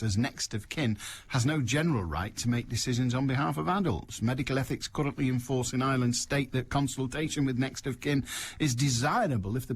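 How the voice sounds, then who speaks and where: A man's voice: mid-range voice, slight background noise. A man hosting a radio call-in show, chatting casually with wry, rambling asides and reading material aloud.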